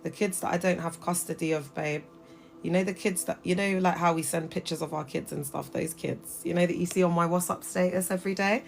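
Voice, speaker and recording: A woman's voice: lowish voice, fairly even intonation, fairly quick, gravelly, soft background music. A woman in her thirties hosting a casual livestream from her phone, talking emphatically and addressing viewers directly. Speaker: livestream host.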